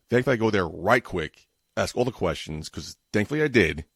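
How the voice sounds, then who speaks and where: On his solo podcast, a fast-talking New Yorker in his forties rants in exasperation, often mumbling and stumbling over words in a casual way. His voice is fairly low, expressive, and slightly rough. The home podcast mic gives a dry, clean, studio-quality recording.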